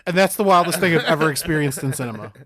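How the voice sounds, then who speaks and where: A man's voice: fairly high pitch, animated, rapid-fire, crowd noise. A man co-hosting a podcast, recapping a movie in a rambling, profane way, with silly quoted voices. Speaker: podcast co-host. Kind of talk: casual chat.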